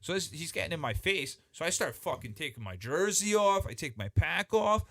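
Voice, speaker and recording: A man telling a story as a podcast guest in casual chat, animated and profane, with many restarts. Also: on the high side, moderate pace, creaky, no echo, studio quality.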